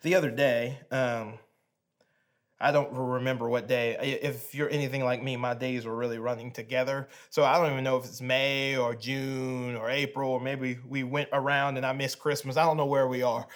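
A man in his thirties giving a sermon as a pastor, telling a family story and moving from hushed, soft moments to animated ones. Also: medium pitch, moderate pace.

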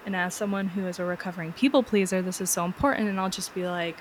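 A woman's voice: on the low side, fairly even intonation, fast, few pauses, slight background noise. A woman talking casually as an interview guest, chatty and full of filler words, laughing often. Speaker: energy healer guest.

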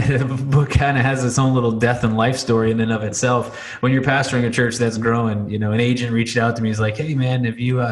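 A pastor and author telling candid stories in a podcast interview, acting out quotes and repeating words as he goes. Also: medium pitch. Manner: candid, storytelling with acted quotes and repetitions.

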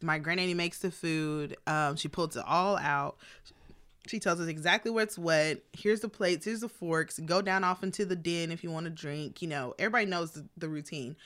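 A woman's voice: fairly low pitch, normal speed, fairly bright tone. A woman guest on a casual chat, telling family stories with frequent laughter. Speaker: podcast guest.

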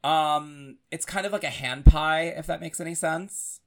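A man co-hosting a podcast in casual, chatty talk, emphatic and quick to swear. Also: fairly high pitch, a little hiss or hum. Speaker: podcast co-host. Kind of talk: casual chat.

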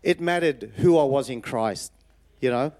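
A middle-aged man from Fiji with a slight Australian twang, telling a personal testimony in a sermon, lively and chatty, repeating phrases for emphasis. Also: mid-range voice, unhurried. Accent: Fijian Indian with Australian twang. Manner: lively storytelling, frequent "you know" asides, repeats phrases for emphasis. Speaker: preacher.

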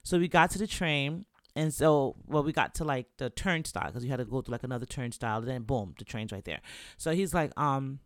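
A man's voice: medium pitch, brisk, no room sound, clean studio sound. A young American man who raps, telling a travel story casually and animatedly, with lots of filler words. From United States. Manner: animated, chatty, full of "like" and "you know".

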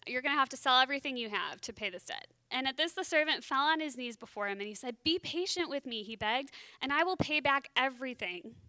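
A woman gives a casual sermon in a high, bright voice that stays smooth and clear. She talks in a chatty, self-deprecating way, thinking aloud as she explains. The sound is dry and close. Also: dry recording. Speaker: bible teacher.

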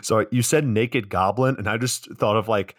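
A man's voice: on the low side, normal speed, no room sound. A man co-hosting a podcast, casually recapping a movie with loose plot summary, swearing and dry asides. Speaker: podcast co-host.

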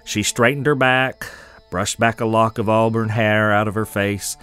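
Low-voiced male storyteller. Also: fairly even intonation, a bit bright, clear, resonant tone, faint music behind. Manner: measured, descriptive storytelling. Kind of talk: scripted narration.

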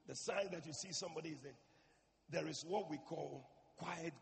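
Male preacher, high gravelly voice, impassioned and repetitive, recorded with a long church echo. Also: normal speed, faint music behind. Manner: swings between shouting and hushed speech; repeats phrases for emphasis. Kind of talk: impassioned sermon.

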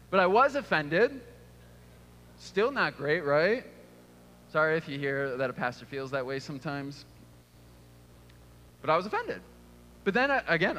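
Animated pastor preaching in a reverberant hall. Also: male voice, a little high, a little hiss or hum. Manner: animated storytelling with acted-out voices. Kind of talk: sermon. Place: church auditorium.

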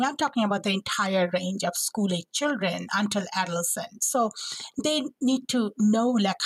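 A woman's voice: mid-range voice, no echo, poor audio. A woman speech-language pathologist explaining vocal health as a podcast guest, with frequent restarts and fillers. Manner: demonstrates voice qualities, laughs often.

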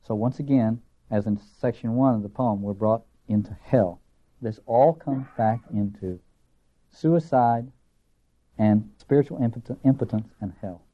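A man with a Southern American accent giving a literature lecture, earnest and emphatic, slow and deliberate, then quick. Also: mid-range voice. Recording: dull lo-fi lecture recording.

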